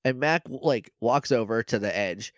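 A man co-hosting a podcast, casually recapping a TV episode with quick voices and frequent laughs. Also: mid-range voice, dry recording, clean studio sound. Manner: animated, quotes characters in quick put-on voices, laughs often. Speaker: podcast co-host.

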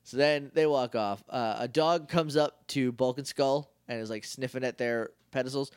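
A man co-hosting a podcast, chatting casually and acting out characters in quick voices. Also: mid-range voice, clear, resonant tone, dry recording, clean studio sound. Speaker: podcast co-host. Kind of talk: casual recap chat.

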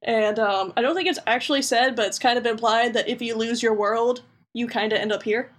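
A woman's voice: a little high, fairly quick. A young woman co-hosting a podcast in casual chat, chatty and laughing as she recaps things. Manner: chatty, laughing, recaps with silly character voices. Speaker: podcast co-host.

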